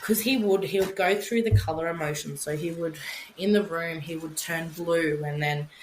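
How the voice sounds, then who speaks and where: A young Australian woman with a slightly low voice talks candidly as a podcast guest, swearing freely and replaying her own words as she goes. Her voice sits in a roomy, echoing space with a faint hum of ambience behind it. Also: steady tone, moderate pace. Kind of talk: candid conversational storytelling.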